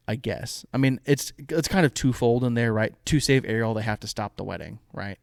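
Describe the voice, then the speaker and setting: A man's voice: mid-range voice, normal speed, gravelly, hardly any pauses, no room sound, clean studio sound. A man co-hosting a podcast, casually and animatedly retelling a plot with quoted asides. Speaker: podcast co-host. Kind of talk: casual chat.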